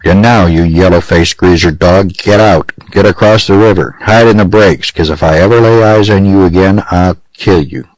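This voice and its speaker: A man's voice: low voice, normal speed, hardly any pauses, no echo, close to an everyday voice, rough recording. A man voicing an angry young cowboy gunman who drawls, threatens and mocks. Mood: threatening.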